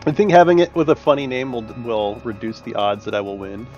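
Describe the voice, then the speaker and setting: A man's voice: mid-range voice, expressive, brisk, darkish tone. A man chatting casually and thinking aloud while he works, with plenty of fillers and swearing. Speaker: map-building streamer. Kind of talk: casual chat while working. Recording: muffled audio with faint music.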